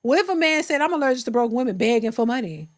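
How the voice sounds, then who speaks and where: A woman's voice: on the high side, animated, fast talker. A woman hosting a reaction channel, giving sassy, incredulous commentary straight to her viewers.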